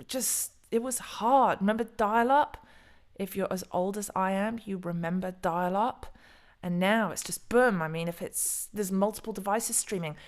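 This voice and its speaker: A middle-aged woman hosting a casual solo commentary video, chatty and rambling, often stumbling over names and restarting. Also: mid-range voice. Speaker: crypto video host.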